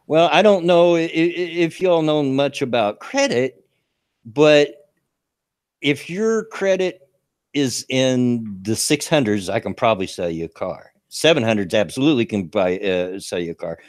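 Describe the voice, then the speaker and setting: A man's voice: medium pitch, expressive, unhurried, no echo, clean studio sound. A man hosting a casual talk show, telling a story with frequent chuckles and restarts. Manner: chatty, laughs through his own story, frequent restarts.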